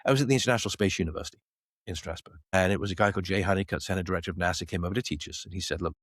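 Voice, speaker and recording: A space company CEO appears as a podcast guest: a middle-aged Isle of Man native with a low voice who talks very fast. He tells stories animatedly and acts out quoted dialogue. The recording is studio quality, without echo.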